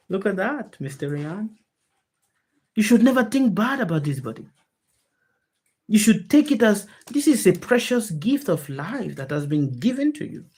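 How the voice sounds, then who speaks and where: Speaking to an online group via video call, this female spiritual teacher has a mid-range, slightly mellow voice with a breathy edge. Her delivery is emphatic, full of rhetorical questions for her listeners, and she keeps returning to the same key phrases.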